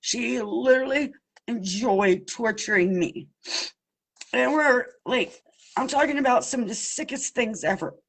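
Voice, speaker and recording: A woman's voice: fairly high pitch, measured pace, low-quality recording. A woman giving impassioned personal testimony as an abuse survivor, emphatic and pleading, calling her listeners y'all. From Pennsylvania.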